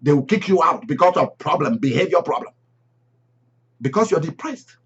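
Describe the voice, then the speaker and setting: Man preacher, emphatic sermon voice, repeats phrases, husky, raised pitch, dull lo-fi recording. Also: expressive, moderate pace. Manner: emphatic, repeats key phrases, swings loud and soft.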